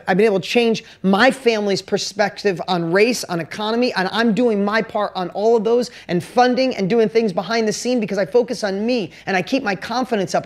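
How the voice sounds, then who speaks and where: A woman's voice: fairly high pitch, a little mellow. Punchy woman giving a motivational talk. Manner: emphatic, punchy, full of rhetorical questions; speaks directly to listeners. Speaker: business coach. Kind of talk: motivational talk to a course audience.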